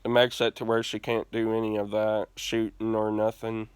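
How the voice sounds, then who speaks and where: A man's voice: lowish voice, completely flat delivery, moderate pace, smooth, no echo. A man telling a prank story as a gaming streamer, swearing and laughing often. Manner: profane, laughing, restarts often. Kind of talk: casual storytelling rant.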